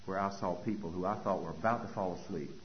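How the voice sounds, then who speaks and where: A man's voice: sits low, fast, muffled recording, a little hiss or hum. A man giving a personal recovery talk at a meeting, telling his story with animation and acting out dialogue.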